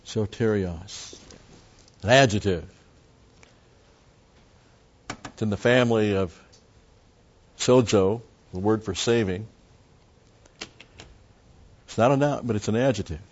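A man's voice: lowish voice, slow pace, pauses often. A man preaching a methodical Bible teaching, explaining Greek words and repeating key terms. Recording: dull lo-fi recording.

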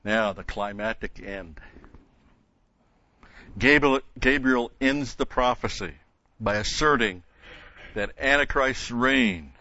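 A man's voice: mid-range voice, takes it slowly, pauses often, bright, forceful tone. A man delivering an expository sermon as a Bible teacher, stressing points by repeating key words. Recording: dull, dry lo-fi recording.

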